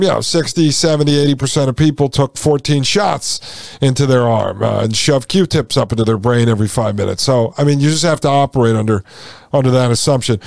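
A man's voice: medium pitch, gravelly, darkish tone, clean tone, dry recording, studio quality. A male podcast host rambling casually through a long story, full of fillers and asides.

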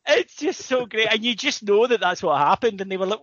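A man co-hosting a comedy podcast, rambling through an animated, sweary story. His voice sits a touch higher than most men's. The sound is dry and slightly muffled. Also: a little fast, hardly any pauses, no room sound. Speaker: podcast co-host. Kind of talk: casual comedic chat.

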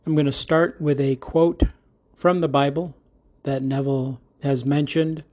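Male podcast host, casual monologue, unhurried, dark mellow tone, joking asides. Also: fairly high pitch, fairly even intonation. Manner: jokey, rambling with asides.

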